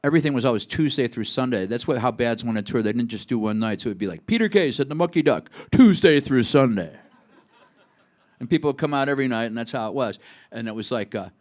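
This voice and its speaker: A man's voice: medium pitch, rapid-fire. Rambling man in his 60s telling a story. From Buffalo, New York. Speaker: singer-songwriter. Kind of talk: onstage storytelling between songs. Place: live music club stage.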